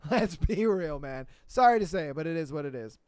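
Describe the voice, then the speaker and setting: On clean studio sound with no room echo, a man delivers a casual solo rant for his podcast. His voice is a little high, clear and resonant, at normal speed, and he's blunt, animated, slangy, and swears plenty.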